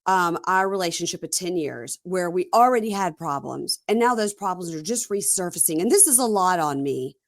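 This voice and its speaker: A woman's voice: lowish voice, animated, normal speed, few pauses, no room sound, studio quality. A woman podcast host in casual chat, retelling scenes with quoted dialogue in a wry, exasperated way. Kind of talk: casual chat recapping a reality show.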